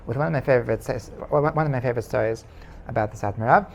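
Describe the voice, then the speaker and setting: A man, a rabbi, casually telling a story to a small class, halting with many restarts. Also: medium pitch, vocal fry, a little mellow, a little hiss or hum.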